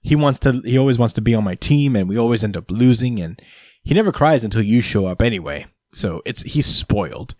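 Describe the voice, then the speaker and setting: A man's voice: medium pitch, lively intonation, a little fast, darkish tone, dry recording, natural voice. A bratty young gorilla brother from a comic, scornful and dismissive, as a man quotes him while retelling the story. His voice stays close to an ordinary talking voice. The sound is dry and close.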